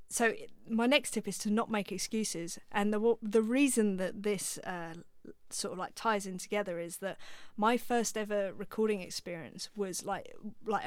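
A woman's voice: medium pitch, clean tone, no echo. A woman, a drummer being interviewed, telling a self-deprecating story and acting out the lines of the people in it. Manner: animated, self-deprecating, acts out quoted lines. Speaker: session drummer, interview guest. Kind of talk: conversational storytelling.

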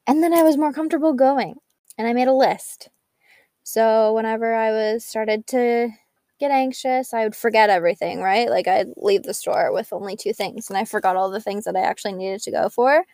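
A woman's voice: on the high side, moderate pace, darkish tone, no echo, clean studio sound. A young woman candidly telling her personal story in a chatty, upbeat way, full of "like". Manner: chatty, upbeat, frequent "like" fillers. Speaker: speaker sharing her recovery story.

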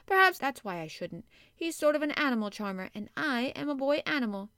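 A woman's voice: sits high, expressive, fairly quick, fairly bright tone, no room sound, clean studio sound, voice pushed up. A woman voicing a sickly, petulant young boy in an audiobook. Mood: thoughtful. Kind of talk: audiobook character voice.

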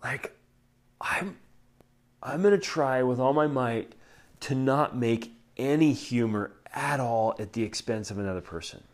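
A man hosting a motivational podcast, talking earnestly and with animated swings between loud emphasis and quiet intensity, with a slight cough from a chest cold. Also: medium pitch, measured pace. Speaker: podcast host. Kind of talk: motivational talk.

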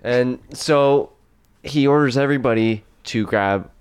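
A man's voice: mid-range voice, unhurried, clear, resonant tone. A man co-hosting, steadily narrating an improvised comedy story with friends.

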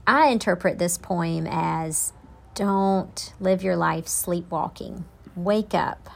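A woman's voice: fairly low pitch, steady tone, vocal fry. A woman hosting a motivational message, reading a poem aloud from a screened-in porch in a casual, earnest way. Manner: unhurried and earnest. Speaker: motivational host. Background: kids and leaf blowers in the distance.

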